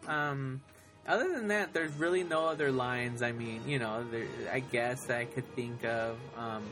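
A man chatting casually as a podcast co-host, rambling and excitable, laughing often. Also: mid-range voice, normal speed, faint music behind. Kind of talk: casual chat.

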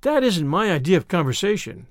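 A man's voice: high-pitched, very animated, fairly quick, no room sound, studio quality. A man reading the part of an eager, earnest little boy with polite, old-fashioned speech.

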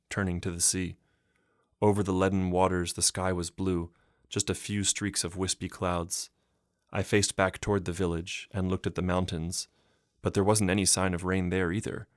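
A man narrating a translated short story in a calm, measured reading. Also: deep voice, no room sound, studio quality. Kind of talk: audiobook narration.

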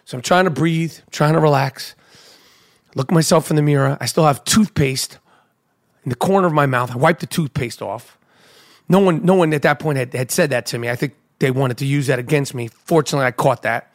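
A man with a high, light voice tells a breathless story about running late, cursing constantly. He jumps into his own panicked shouts, then drops back to a low, confiding aside. Middle-aged and loud, he sounds like a radio show regular on a rant. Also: fairly quick. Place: New York.

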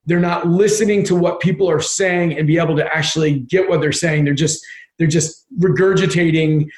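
A man talking as an interview guest in casual chat, energetic and often repeating words as he thinks. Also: on the high side, moderate pace, roomy sound.

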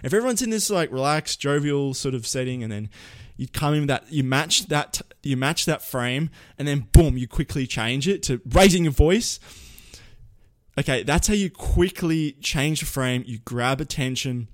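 A young man talks through storytelling tips in a loose, lively tutorial style. His voice sits at an ordinary middle pitch. He stumbles and restarts his sentences often, and the recording is dry and close with no room sound. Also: moderate pace, few pauses, dry recording. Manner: lively, rambling, frequent self-corrections. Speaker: presenter giving storytelling tips. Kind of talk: casual spoken tutorial.

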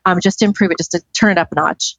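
A woman's voice: fairly low pitch, fairly even intonation, rapid-fire, a bit bright, no echo, low-quality recording. A middle-aged woman chatting as a podcast guest, telling stories in an enthusiastic, free-flowing way. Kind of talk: casual interview chat.

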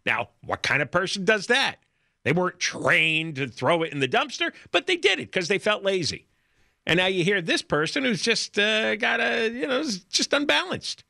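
A man's voice: sits high, sing-song, normal speed, vocal fry, sharp tone, no room sound, studio quality. A man co-hosting a talk radio show, giving emphatic, exasperated opinions with stammered restarts.

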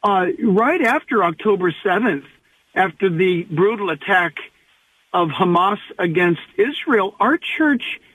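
A man, a pastor, speaking earnestly as a radio interview guest and slowing down to stress his points. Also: sits high, lively intonation, no room sound. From Southern California. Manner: earnest, preacherly, slows for emphasis. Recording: tinny phone line.

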